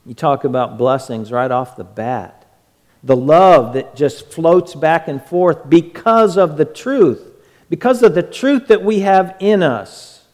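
A man's voice: a little high, animated, takes it slowly, a little mellow. A man preaching a sermon as pastor, emphatic and drawn out, often repeating words. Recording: echoey church hall.

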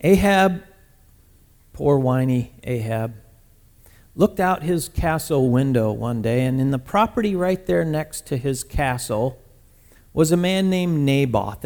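Male pastor, fairly high-pitched, retelling a scripture story conversationally with punchy outbursts. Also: measured pace. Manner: lively, conversational retelling with sudden loud bursts. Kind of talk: sermon storytelling.

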